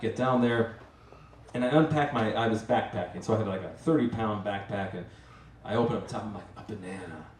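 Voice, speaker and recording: A man's voice: lowish voice, brisk, a little hiss or hum. A man hosting a live story night, telling a story in a rambling, self-mocking way with many restarts. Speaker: master of ceremonies telling a story. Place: live event venue with an audience. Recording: roomy, distant mic, faint ambience.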